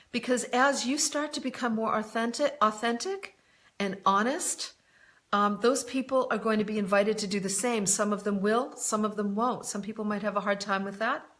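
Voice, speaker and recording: A woman life coach talking through viewer questions in a live online stream. She is frank and direct, often names the person she is answering, and fills pauses with "um" and "you know". Her voice sits at an ordinary middle pitch. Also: a bit bright. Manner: candid and direct, addresses viewers by name, frequent "um" and "you know". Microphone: live online broadcast.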